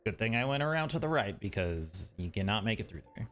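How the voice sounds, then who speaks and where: A man's voice: on the low side, big pitch swings, fairly quick, a bit bright. A man streaming a video game, chatting casually and thinking aloud as he plays. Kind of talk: casual gameplay commentary.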